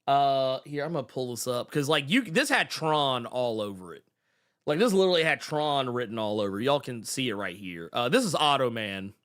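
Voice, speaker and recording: Animated, bright-voiced man riffing on a stream. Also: medium pitch, moderate pace. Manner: exclamatory, profane, laughing often. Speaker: show host. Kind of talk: casual live-stream commentary.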